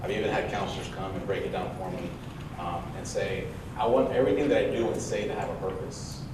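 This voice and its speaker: Lively male speaker in an echoey hall. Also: deep voice, quick pace. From United States, of Mexican parents. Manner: lively storytelling, acts out his mom. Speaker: bullying prevention speaker. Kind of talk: motivational school talk with stories. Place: large echoey room before an audience. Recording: echoey room, picked up from far off, noisy.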